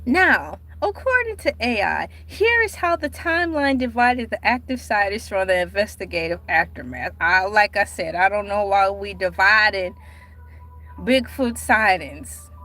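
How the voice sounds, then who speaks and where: A woman chatting casually on her livestream, animated and dramatic, with sudden cries and mock outrage. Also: mid-range voice, unhurried. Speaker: livestream host.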